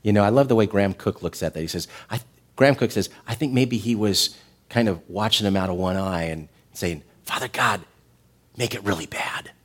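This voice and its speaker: A man's voice: lowish voice, fairly quick. Man preaching with big swings. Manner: animated preaching, swings from loud emphatic peaks to soft tender passages. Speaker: pastor. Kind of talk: sermon.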